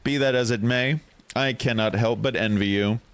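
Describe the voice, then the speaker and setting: A man voicing a grave, formal older man in a game, speaking slowly. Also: medium pitch, fairly even intonation, fairly bright tone, no room sound, lightly acted. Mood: solemn.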